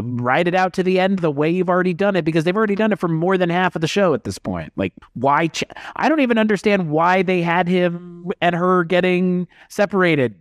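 Lively high-voiced male podcast co-host. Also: no room sound, clean studio sound. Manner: animated, laughs often, trails into asides. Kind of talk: casual podcast discussion.

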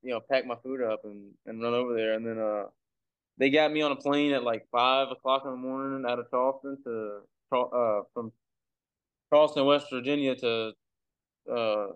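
Laid-back young man, smooth clear voice. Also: mid-range voice, fairly even intonation, normal speed, lo-fi sound. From Texas. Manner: laid-back, rambling with fillers. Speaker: guest, pro baseball pitcher. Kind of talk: casual storytelling. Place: recording for a podcast.

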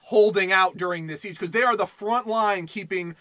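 Male podcast host, high bright voice, animated, casual history chat, profane asides, dry close sound. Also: normal speed, no room sound. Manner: animated, profane, acts out quotes in silly voices.

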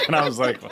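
A man hosting a casual chat, animated and laughing through his own story. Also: medium pitch, heavy background noise. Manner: animated storyteller who laughs while telling.

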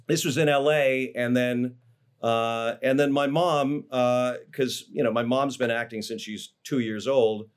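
A man's voice: mid-range voice, steady tone, measured pace, clean tone. A man, an actor, telling stories about his life in a casual interview, rambling with fillers and restarts. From Los Angeles, USA.

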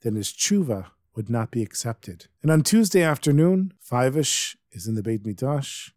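A man storyteller telling a Hasidic tale in a lively, emphatic way. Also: mid-range voice, dry recording, clean studio sound.

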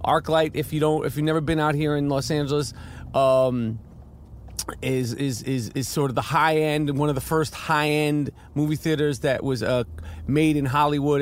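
A man's voice: medium pitch, a little hiss or hum. A middle-aged man talking casually about a film while walking on a city street, rambling and profane, with many restarts and fiery outbursts. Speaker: podcast host and actor reviewing a film.

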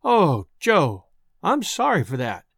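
A man's voice: a little high, huge pitch swings, takes it slowly, gravelly, fairly bright tone, breathy edge, dry recording, clean studio sound, full character voice. A man voicing a cheerful young village girl. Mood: tender.

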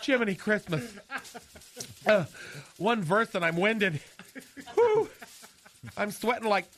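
A man's voice: high voice, a little slow, fairly bright tone. An actor playing a flamboyant, fussy, gossipy man in a comedy radio sketch, with a campy sing-song manner and dramatic sighs. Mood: campy gossip.

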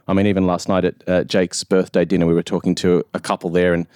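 Very deep-voiced chatty male host. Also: level tone, fast, darkish tone, clean tone, dry recording, studio quality. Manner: chatty, rambling lead-ins. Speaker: podcast host. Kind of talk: casual interview chat.

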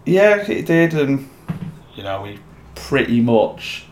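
A man co-hosting a podcast, telling stories in a casual, animated way. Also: medium pitch, slow, reverberant, slight background noise. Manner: animated storyteller, shouts when acting out others. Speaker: podcast co-host. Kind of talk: casual chat.

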